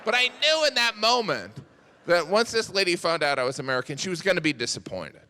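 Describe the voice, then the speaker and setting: Man, stand-up comedian, deadpan, lively pitch, live hall reverb, loud audience. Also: fairly quick, background noise. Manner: deadpan with mock-incredulous asides. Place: large theater stage with a laughing audience.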